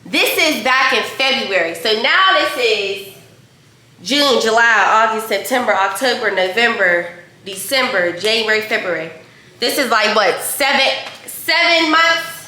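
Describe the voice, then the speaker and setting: A young woman from Pittsburgh, a hairstylist, telling a story casually to her viewers while she cooks in her kitchen, chatty and animated. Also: on the high side, unhurried, echoey room. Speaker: vlogger and hairstylist. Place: home kitchen.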